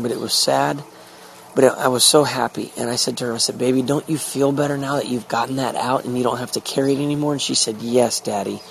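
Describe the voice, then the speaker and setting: A middle-aged man talking earnestly about his faith and family, reflective, with halting restarts. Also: medium pitch, gravelly, slight background noise. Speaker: father sharing a spiritual journal. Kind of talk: personal faith diary monologue.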